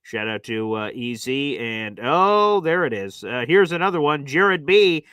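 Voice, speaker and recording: A man's voice: medium pitch, sing-song, unhurried, fairly bright tone, clean tone, no room sound. A man hosting a casual sports livestream, hyped up and calling his viewers "baby" as he reads off gifts. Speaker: livestream host.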